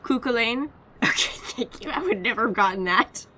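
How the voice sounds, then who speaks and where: A woman's voice: fairly high pitch, animated, normal speed, pushed and bright. A woman streamer chatting casually and laughing a lot, joking at her own expense. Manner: chatty, giggly, self-deprecating. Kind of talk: casual gaming stream chat.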